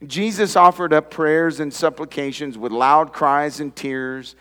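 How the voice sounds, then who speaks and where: A man's voice: fairly even intonation, measured pace, bright, forceful tone. Preaching male pastor in reverberant hall. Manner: preaching with emphatic rises in pitch and volume. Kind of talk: sermon.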